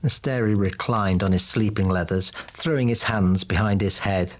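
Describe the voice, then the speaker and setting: A man narrating a fantasy audiobook in a steady, even way. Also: on the low side, normal speed.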